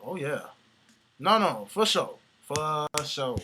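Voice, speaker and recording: A man co-hosting a casual wrestling talk show, animated and slangy, laughing often. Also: on the high side, slow pace, slight background noise. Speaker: podcast co-host.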